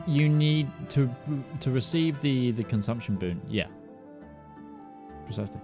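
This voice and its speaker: A man's voice: medium pitch, expressive, measured pace, over music. A man running a tabletop game as game master, giving brief, assured rulings on the rules.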